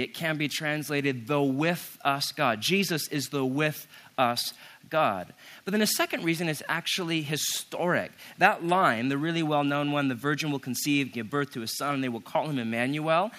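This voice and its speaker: A man preaching a sermon as pastor, reading scripture and explaining it in a conversational way, with quick asides to the listeners. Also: fairly high pitch, a bit bright. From United States. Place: conference hall with an audience.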